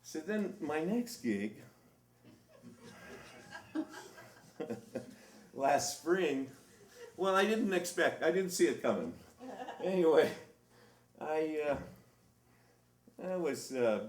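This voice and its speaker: A man on a live stage telling rambling, chuckling anecdotes with plenty of fillers. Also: mid-range voice. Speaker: stage performer telling stories. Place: live stage in a reverberant hall. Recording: echoey live hall, distant mic, faint noise.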